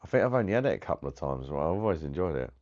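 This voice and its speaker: A man hosts a beer-review live stream, chatting casually with viewers by name, laughing a lot and swearing freely. His deep, darkish voice swings widely in pitch and moves very fast, and the stream audio is dull and lo-fi.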